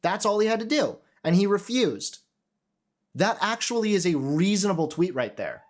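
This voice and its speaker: A man's voice: high-pitched, sing-song, normal speed. A young man giving casual reaction commentary on his own old video, sarcastic, profane and self-critical.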